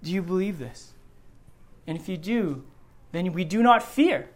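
A man's voice: high-pitched, lively intonation, unhurried. A middle-aged man preaching a sermon in a church, earnest and repeating phrases for emphasis. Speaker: pastor. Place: church sanctuary.

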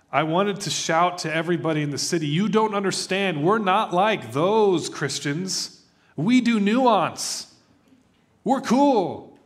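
A man preaching a sermon in a conversational, animated way, acting out quoted voices as he tells stories. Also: mid-range voice. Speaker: pastor.

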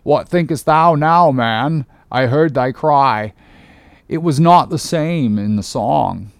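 A man's voice: mid-range voice, takes it slowly, gravelly, clear, resonant tone, dry recording. A man voicing an earnest, anxious ship's first mate who speaks in a raised, urgent voice.

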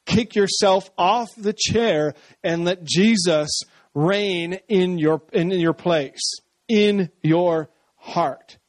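Animated high-voiced male preacher. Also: dry recording. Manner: conversational, animated, acts out voices. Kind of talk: sermon.

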